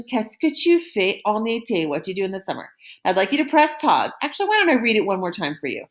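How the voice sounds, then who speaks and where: A woman teaching a recorded French lesson, explaining in a friendly classroom way and saying model phrases slowly and clearly for repetition. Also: mid-range voice, big pitch swings, fairly bright tone. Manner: slow, carefully pronounced model phrases for repetition; friendly classroom explaining with small slips and laughs.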